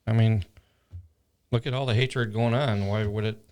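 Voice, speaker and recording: A man's voice: lowish voice, steady tone, normal speed, a little mellow. A man co-hosting a casual podcast, dropping dry, wisecracking remarks. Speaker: podcast co-host.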